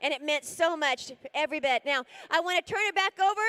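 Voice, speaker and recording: A woman runs a live charity auction in a very high voice. Her tone is bright and forceful. She coaxes the room playfully and chants bid amounts rapidly over and over. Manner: energetic, rapid bid-calling with repeated figures; coaxing and playful with the crowd.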